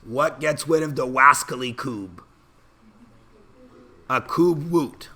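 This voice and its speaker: A bumbling cartoon hunter who lisps his r's into w's, pitched a touch higher than his usual voice, as a man puts him on for a joke in class. The tone is bright, and the delivery is unhurried. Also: heavily acted. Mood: playful. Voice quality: turns r sounds into w. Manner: playful, mid-lesson gag.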